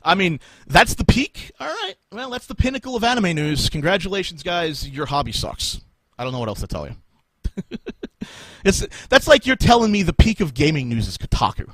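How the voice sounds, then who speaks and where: A man rants on his podcast with biting sarcasm and constant swearing. His pitch swings widely and his voice is a little husky. The sound is dry, with little room echo. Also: big pitch swings, a little fast, a bit bright. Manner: angry, sarcastic, swearing, laughing. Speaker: podcast host. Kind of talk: profane rant on a live podcast.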